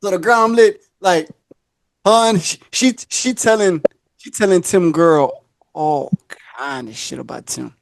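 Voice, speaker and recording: A man's voice: high-pitched, measured pace, creaky. A man hosting a podcast, telling a long story in casual chat and acting out the people in it. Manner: animated, acts out the people in his stories. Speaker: podcast host.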